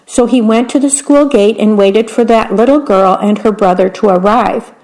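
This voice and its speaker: A woman reading picture books aloud in a gentle, unhurried way, describing the pictures as she goes. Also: medium pitch, low-quality recording. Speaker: storyteller.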